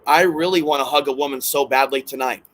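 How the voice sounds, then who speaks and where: A man's voice: medium pitch, steady tone, fast talker, fairly bright tone, rough recording. A man talking alone to his camera in a rambling vlog monologue, agitated and emotional, repeating himself and swearing, sounding distressed and hurt. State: distressed and hurting. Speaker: channel host.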